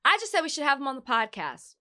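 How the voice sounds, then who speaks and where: Animated woman co-hosting a podcast. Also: high voice, fast, no room sound. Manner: animated, laughs often. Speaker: podcast co-host. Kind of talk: casual chat.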